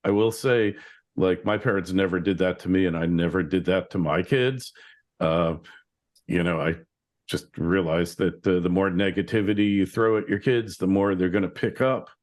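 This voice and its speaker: A man's voice: low-pitched, normal speed. A man hosting an interview podcast, musing aloud in a rambling way with many fillers. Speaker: podcast host. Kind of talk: casual interview chat.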